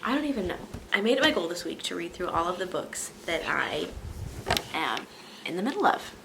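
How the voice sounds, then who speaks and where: A young woman vlogging casually at home, talking candidly and with animated asides. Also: on the low side, a little fast, gravelly, echoey room, background noise. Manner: candid, animated, self-deprecating. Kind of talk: casual chat to camera. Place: home living room.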